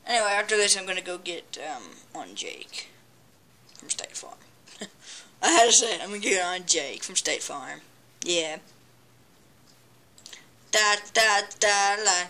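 A casual gameplay commentator with a bright, forceful voice, rambling and chatty as they play. They stammer and restart often and talk back at whatever is on screen. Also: mid-range voice, expressive, a little slow, long pauses. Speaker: gameplay video maker.

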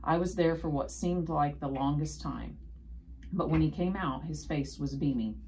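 A woman reading a children's storybook aloud in steady first-person narration. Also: deep voice, moderate pace, a little hiss or hum, poor audio.

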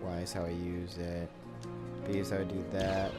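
A man streaming his first playthrough of a video game, chatting casually, reading viewer messages aloud and thinking out loud with plenty of fillers. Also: low-pitched, completely flat delivery, normal speed, loud music behind the voice. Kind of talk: casual gameplay commentary.

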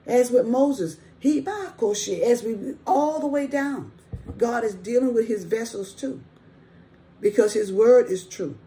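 Middle-aged church lady doing bible study, mellow voice, keeps saying okay? and praising as she goes. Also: a little high, takes it slowly. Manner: earnest, exclaims "thank you, Jesus" often; conversational, with frequent "okay?". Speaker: Bible teacher. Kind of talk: informal Bible study teaching.

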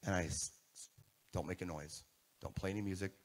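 A man's voice: low voice, brisk. A man giving a live keynote talk to a conference audience, asking the room questions as he goes. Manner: animated, asks the audience questions. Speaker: keynote speaker.

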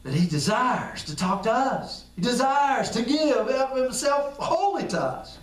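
High-voiced man preaching in an echoey room. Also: sing-song, measured pace. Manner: conversational preaching, acts out little dialogues; repeats phrases for emphasis. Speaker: pastor. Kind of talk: sermon. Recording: echoey room, far from the mic.

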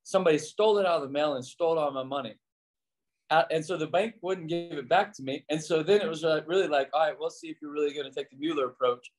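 Quick-paced and on the high side, this U.S. pastor and ex-missionary recounts stories in a relaxed interview. He brings them to life by acting out the dialogue loudly.

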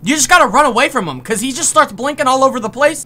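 A young man commentating a horror game let's play, excitable and jumpy, rambling through self-corrected asides and yelping when startled. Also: very high voice, quick pace, hardly any pauses, soft background music. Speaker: gaming YouTuber.

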